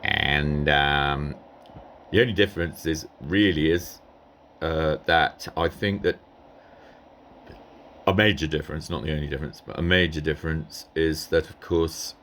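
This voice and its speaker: A man's voice: extremely low pitch, normal speed, a bit bright, a little hiss or hum. A man casually commenting over a recording of a strategy game, rambling and hesitant with many ums and asides. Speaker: gameplay commentator.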